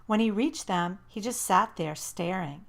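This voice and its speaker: A woman narrating a first-person audiobook in a lively, expressive way. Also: medium pitch, unhurried.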